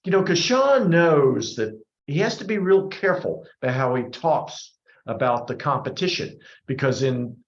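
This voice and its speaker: A man's voice: mid-range voice, expressive, normal speed. A man presenting a workshop, answering audience questions in a conversational way and often repeating words as he rethinks. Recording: roomy, dull lo-fi sound.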